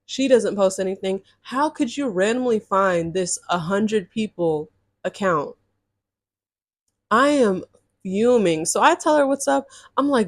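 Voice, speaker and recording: A woman's voice: on the high side, unhurried, no echo, clean studio sound. A young woman from California telling a casual storytime in a chatty, exasperated, slangy way. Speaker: storytime vlogger.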